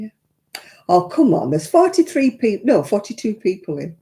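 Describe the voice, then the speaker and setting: A woman's voice: on the low side, sing-song, moderate pace, dark tone. A woman hosting a casual craft live stream, telling stories in a chatty, self-mocking way and laughing between them.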